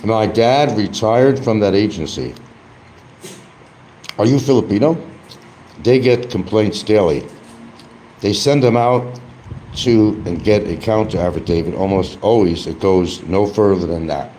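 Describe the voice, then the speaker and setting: A man's voice: lowish voice, measured pace, pauses often, dark tone, a little hiss or hum, low-quality recording. A man talking casually on a livestream, blunt and combative, with rambling asides. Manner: eating while talking at times.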